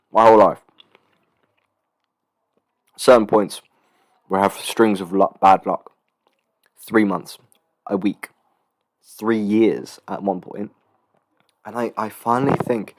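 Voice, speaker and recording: A young man in his late teens from England, hosting a casual solo podcast in a rambling, swearing, animated storytelling way. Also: on the low side, dry recording, clean studio sound. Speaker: podcast host. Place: student accommodation room.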